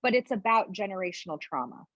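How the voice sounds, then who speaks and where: A woman in her thirties with a husky, breathy voice talks candidly and emotionally about her family, her sentences full of restarts and "like". The recording is dry and a little dull, as if made over a remote setup. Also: mid-range voice, sing-song, fairly bright tone, dry recording. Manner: emotional, candid, fast-flowing with many "like" fillers. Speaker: podcast guest. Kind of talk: candid personal storytelling.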